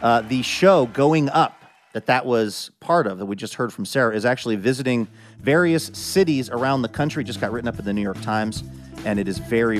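A man hosting a live radio show from a theater stage, upbeat and quick with his announcements. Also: on the low side.

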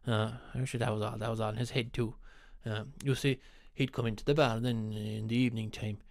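A man's voice: fairly low pitch, level tone, brisk, creaky, dry recording, studio quality. A man with an Irish accent telling rambling, earthy anecdotes in casual chat, swearing freely.

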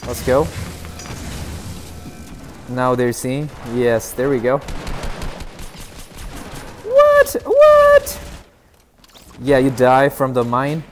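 A young man streaming a shooter game live, chattering excitably and teasing his chat. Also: a little hiss or hum. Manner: excitable, yelps in sudden high bursts.

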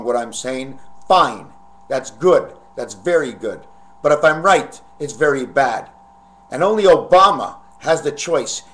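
Man on a home webcam, rambling and agitated, preaching in a fairly high voice. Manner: agitated, preachy, numerological ranting. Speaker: webcam vlogger. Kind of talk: rambling monologue to camera. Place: den in his house. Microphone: webcam mic.

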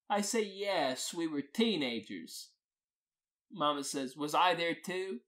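A storyteller in a slow, poetic spoken-word style, blunt and profane in their phrasing. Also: mid-range voice, lively intonation, fairly bright tone.

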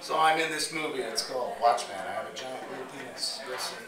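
Man, slightly hoarse, profane live storyteller, recorded from far off with room echo. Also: mid-range voice, a little fast. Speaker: spoken word performer. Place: bar or club stage. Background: crowd murmur.

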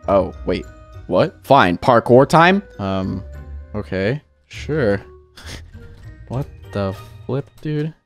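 A young man giving excitable gameplay commentary that swings from loud outbursts to mumbling. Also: fairly high pitch. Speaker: gaming YouTuber.

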